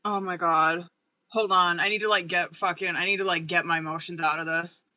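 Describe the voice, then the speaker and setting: Woman, live-stream tarot reader; bright, punchy voice; excitable, swears constantly. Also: fairly low pitch, brisk, poor audio. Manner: excitable, heavy swearing, talks straight to a viewer.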